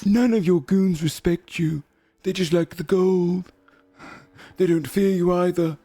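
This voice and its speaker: A man voicing cruel, taunting magical mirror heads in a tabletop game, mocking with slow, drawn-out insults. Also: high voice, steady tone, mellow, dry recording, voice pushed up.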